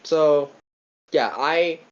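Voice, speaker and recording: A man talking through a film on a casual podcast, circling his point with repeated false starts and the odd swear word. The sound is a bit dull and lo-fi, as if the high end has been trimmed off. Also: drawn-out words. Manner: rambling, stammering restarts, casual swearing. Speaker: podcast co-host. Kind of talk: casual film review chat.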